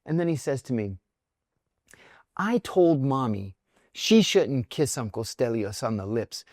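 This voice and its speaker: A man's voice: medium pitch, big pitch swings, measured pace, a little mellow, dry recording, studio quality. A middle-aged man from near Pittsburgh, a podcast guest telling vivid personal stories and acting out the voices of people in them. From near Pittsburgh, United States. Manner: vivid anecdotes, acts out quoted voices. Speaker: podcast guest, former intelligence officer. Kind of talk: candid storytelling in conversation.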